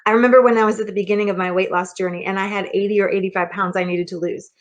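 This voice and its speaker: An earnest middle-aged woman preaching a casual motivational sermon. She speaks in a mid-range voice, conversational and a little rambling, often pausing to ask "okay?" Her talk feels like friendly coaching rather than formal preaching. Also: medium pitch, steady tone. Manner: earnest and conversational, with frequent restarts and "okay?" check-ins. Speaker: minister and mindset coach.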